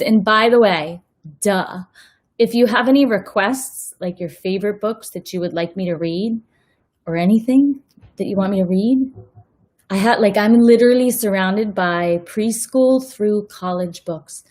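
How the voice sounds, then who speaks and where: A woman's voice: mid-range voice, a little mellow. A woman who works as a teacher, reading a novel aloud at bedtime and breaking off for chatty, self-correcting asides. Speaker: read-aloud host, teacher.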